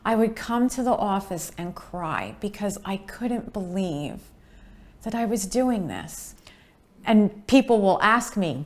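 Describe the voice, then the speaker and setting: A woman in her fifties telling her own story in a testimonial interview, earnest and unhurried. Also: medium pitch, animated. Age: 50s. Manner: earnest, unhurried, acts out quoted voices. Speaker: patient sharing her story.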